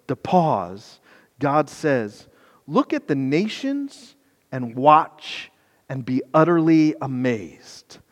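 A fairly high-voiced man preaching with passion. He drops to quiet reflection, then builds to loud, pleading questions, and slips in casual asides. His voice rings with a long reverb, as in a big hall. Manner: impassioned, swings from soft to loud. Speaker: pastor. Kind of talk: sermon.

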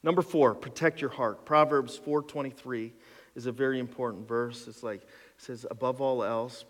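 A man's voice: mid-range voice, fairly even intonation, normal speed, fairly bright tone. A male pastor preaching a sermon in a conversational, emphatic way, counting off numbered points, in a church sanctuary. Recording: long hall reverb.

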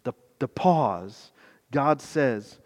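A man preaching a sermon as pastor, impassioned, swinging from loud pleading down to hushed, almost whispered lines. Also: mid-range voice, animated, very slow, big-room sound. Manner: impassioned, builds to loud pleading then drops to near-whisper.

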